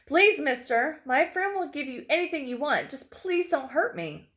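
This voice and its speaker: A woman's voice: medium pitch, expressive, moderate pace, a bit bright, natural voice. A woman voicing a terrified older man begging his captor. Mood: pleading. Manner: pleading, panicked, swearing.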